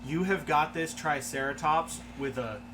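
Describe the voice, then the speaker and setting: A fairly high-voiced man guides his players through a tabletop adventure at an easy pace. His manner is relaxed and quick to laugh. Steady background noise runs beneath his voice on the stream. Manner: laid-back, laughs along with players. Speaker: game master. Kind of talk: narrating a tabletop game. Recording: noisy stream audio.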